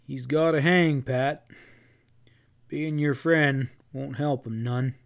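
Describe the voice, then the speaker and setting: A man's voice: mid-range voice, steady tone, slow, gravelly. A man voicing a grim, angry leader of a frontier posse, who talks in blunt, threatening folksy speech.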